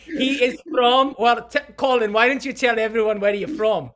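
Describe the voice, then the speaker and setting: Man hamming up a bright, high, loud mock-Scottish guy, playful and over the top. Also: normal speed. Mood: teasing. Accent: put-on Scottish. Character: man faking a hammy Scottish accent. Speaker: co-host.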